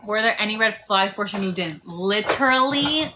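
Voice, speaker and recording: A woman's voice: medium pitch, animated, normal speed, noisy background. A woman in her twenties, chatty and laughing often as she chats on a live stream, her voice a little worn. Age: 20s. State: losing her voice. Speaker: TikTok live streamer and landlord. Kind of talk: casual live-stream chat. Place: parked RV at a state park.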